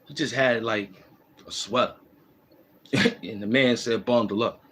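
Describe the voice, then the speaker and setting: A man's voice: mid-range voice, slow, a bit bright, a little hiss or hum. A man hosting a casual walking vlog, giving loose, repetitive, slangy street advice. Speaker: host. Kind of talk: rambling streetwise monologue. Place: outdoors in the cold.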